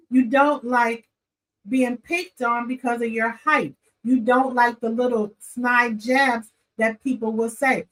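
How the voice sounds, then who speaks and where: A woman, chatting casually as she recaps a reality show, animated and opinionated, talking straight to her viewers. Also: fairly high pitch, rough recording. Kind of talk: casual chat.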